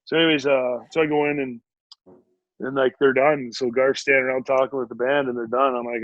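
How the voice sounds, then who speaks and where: A man's voice: mid-range voice, fairly quick, dry recording. Man in his forties, podcast guest, casual rambling anecdote, slightly muffled sound, dry close recording. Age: 40s. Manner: rambling, animated storyteller with many fillers. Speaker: podcast guest, retired hockey player. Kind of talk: casual storytelling in an interview.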